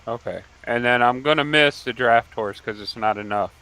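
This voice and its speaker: A man playing a tabletop game chats casually while working out his moves aloud. His voice sits mid-range with a bright edge. He often restarts and sounds unsure. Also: medium pitch, normal speed, clear, resonant tone, poor audio. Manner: hesitant, thinking aloud. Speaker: player.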